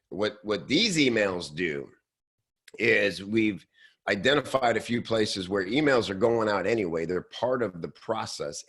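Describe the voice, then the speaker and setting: Casual rambling man, lowish voice. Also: a bit bright, husky. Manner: loose, rambling, with frequent fillers and restarts; breaks into quick voices for mock quotes. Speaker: host. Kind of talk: casual podcast talk.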